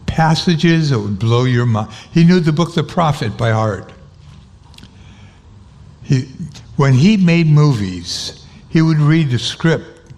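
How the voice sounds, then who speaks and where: An older man, an interview guest, telling a personal story and acting out the dialogue with sudden jumps in pitch. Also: a little mellow. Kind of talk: storytelling anecdote.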